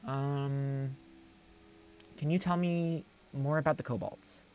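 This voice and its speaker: A streamer voicing a young female adventurer in a flat, matter-of-fact, slightly impatient way. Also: medium pitch, takes it slowly, highs cut off, slight background noise, natural voice. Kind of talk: live-streamed game voice acting.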